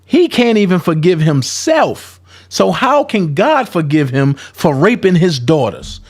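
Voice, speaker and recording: A man's voice: high-pitched, very animated, a little slow, hardly any pauses. A man giving confrontational, profane commentary, calling people out in a heated rant. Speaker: commentary vlogger.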